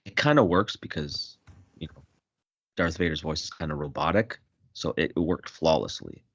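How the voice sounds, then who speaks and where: A man's voice: a bass voice, normal speed, no room sound. A man co-hosting a casual podcast who rambles with many fillers. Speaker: podcast co-host. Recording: dry, dull lo-fi mic.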